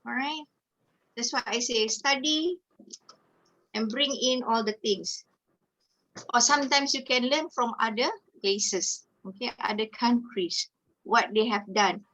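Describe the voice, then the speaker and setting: Bright-voiced woman teacher trainer on a video call. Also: on the high side, measured pace, rough recording. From Malaysia. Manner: tags phrases with "okay" and "all right", mixes in Malay phrases. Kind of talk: webinar lecture.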